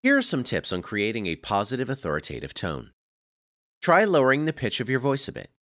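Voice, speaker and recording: A man giving scripted narration for a communication skills course, reading in an even, measured way and stressing key words. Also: mid-range voice, no echo, studio quality.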